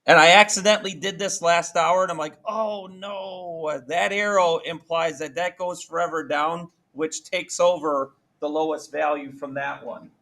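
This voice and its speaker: A middle-aged man teaching a high school math class, casual and self-correcting, often asking the class questions. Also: steady tone, normal speed, few pauses, fairly bright tone. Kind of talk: classroom lecture.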